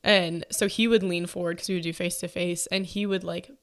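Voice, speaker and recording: A woman's voice: lowish voice, fairly even intonation, a little fast. A young woman hosting a faith-based podcast, talking casually with lots of fillers, who is pregnant. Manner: chatty, many fillers and likes. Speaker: podcast host.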